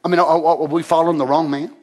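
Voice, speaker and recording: A man preaching a sermon, fervent and building to shouts. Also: on the high side, level tone, rapid-fire.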